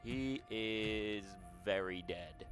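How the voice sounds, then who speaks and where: A man's voice: fairly low pitch, drawn-out words, a bit bright, soft background music. A man streaming a video game with casual, wry, self-deprecating commentary and the odd swear word. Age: older.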